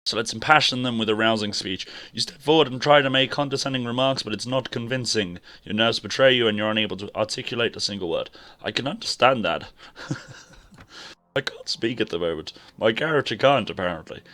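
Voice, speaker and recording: A man's voice: medium pitch, quick pace, pushed and bright. A man with a sore throat and a fading voice, chatting casually with his viewers while streaming a game. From England. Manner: chatty, rambling, talks to chat while playing. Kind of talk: casual live-stream gaming commentary. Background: background music.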